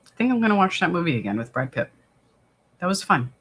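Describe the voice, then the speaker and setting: A chatty livestream host from the New York area who talks in loose, rambling runs, full of "um" and restarts. The voice sits at an ordinary middle pitch, and the delivery stays casual and unhurried, like someone reading out viewer comments on a desktop streaming mic at home. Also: sing-song, a bit bright, slightly rough. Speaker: livestream watch-party host.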